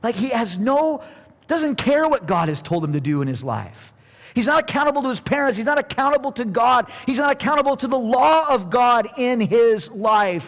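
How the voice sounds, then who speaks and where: A man preaching a sermon, passionate, going from quiet to near shouting and acting out scripture quotes. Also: very high voice, animated, moderate pace. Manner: plays out Bible quotes in acted voices. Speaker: pastor. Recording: dull sound with long hall reverb.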